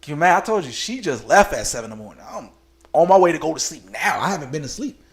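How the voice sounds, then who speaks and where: A man's voice: a little high, animated, very fast. A young man casually telling a crude, laughing storytime anecdote at home late at night. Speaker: vlogger.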